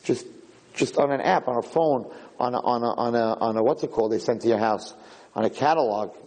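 A man giving a Torah lecture, telling stories with lively acted-out dialogue and often repeating and restarting his phrases. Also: medium pitch, a little fast, poor audio. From United States. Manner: animated storytelling with acted-out dialogue.

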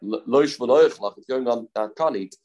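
A man's voice: medium pitch, fast, darkish tone. A man giving a daf yomi Talmud lesson, explaining step by step and repeating key phrases. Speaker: Talmud teacher.

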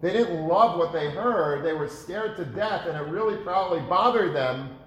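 A man's voice: on the high side, expressive, moderate pace, a bit bright, highs cut off, a little hiss or hum. A man giving an earnest sermon, asking rhetorical questions and repeating words for emphasis. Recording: roomy echo.

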